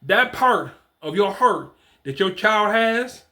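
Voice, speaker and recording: A man's voice: high voice, lively intonation, slow pace, sharp tone. A man in his forties giving blunt fatherhood advice in casual slang, repeating his points for emphasis. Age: 40s. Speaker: fatherhood coach. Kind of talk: advice talk to camera.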